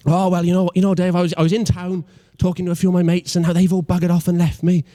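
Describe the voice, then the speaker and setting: A man's voice: high voice, flat delivery, fast, mellow, pitched above the performer's own voice, lightly acted. A man voicing his chatty young girlfriend with a Welsh accent, rambling and repeating herself.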